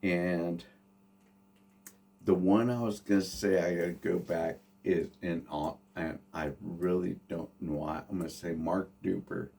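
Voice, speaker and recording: A man's voice: deep voice, fairly even intonation, unhurried, gravelly, a little mellow, far from the mic. A man co-hosting a casual podcast, laid-back, mostly giving short agreeing replies. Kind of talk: casual chat.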